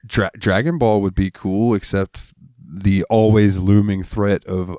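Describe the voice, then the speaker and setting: A man's voice: lowish voice, measured pace, dry recording, clean studio sound. A man co-hosting a podcast, telling stories in casual profane chat and acting out the people in them. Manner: profane, animated storyteller acting out voices. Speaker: podcast co-host.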